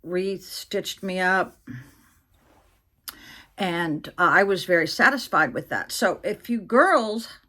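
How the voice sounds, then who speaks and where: A woman's voice: fairly low pitch, lively intonation, slow, long pauses, pushed and bright. A woman in her sixties, a vlogger chatting candidly to her viewers, telling a personal story with plenty of fillers and asides. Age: 60s. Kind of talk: casual storytelling to camera.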